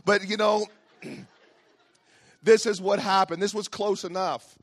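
A man preaching a family service as pastor, telling a childhood story with acted-out voices and then turning quiet and earnest. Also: sits high, steady tone, unhurried, dry recording. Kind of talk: family sermon with personal storytelling.

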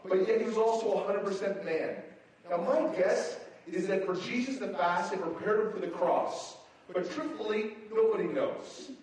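Man, pastor, high voice, animated storytelling sermon, very echoey hall, distant mic. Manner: animated storytelling, acting out his own reactions.

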